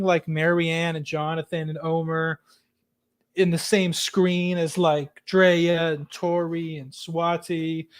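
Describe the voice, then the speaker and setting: A man hosting a casual podcast chat, rambling along with lots of fillers and restarts. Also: fairly high pitch. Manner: chatty, rambling with many fillers. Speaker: podcast host.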